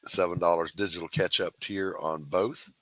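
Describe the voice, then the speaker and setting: Very deep, bright-toned man. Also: fairly even intonation, normal speed, dry recording. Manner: upbeat, salesy and matter-of-fact. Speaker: host. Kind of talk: casual chat and crowdfunding pitch.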